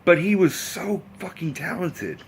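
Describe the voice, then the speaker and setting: A man's voice: high voice, unhurried, slightly rough. A man in a casual vlog rant, telling a story in a rambling, profane way with many restarts. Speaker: vlogger.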